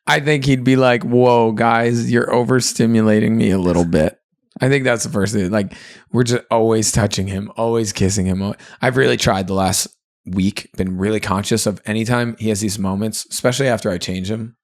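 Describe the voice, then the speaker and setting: A man's voice: on the low side, steady tone, a little fast, no room sound, clean studio sound. A man co-hosting a podcast, talking in an earnest, reflective and chatty way with lots of fillers. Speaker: podcast co-host. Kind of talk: candid podcast conversation.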